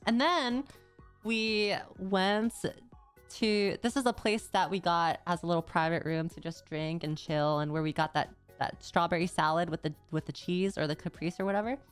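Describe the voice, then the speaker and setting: Young woman streamer rambling casual, lowish smooth voice, bit of music underneath. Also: steady tone, normal speed. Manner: rambling, casual slang, frequent "like". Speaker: VTuber streamer. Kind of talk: casual stream chat recapping a trip.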